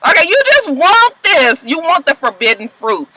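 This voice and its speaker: A young woman vlogger casually recapping TV episodes in an animated, profane and sassy way. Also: very high-pitched, normal speed, background noise.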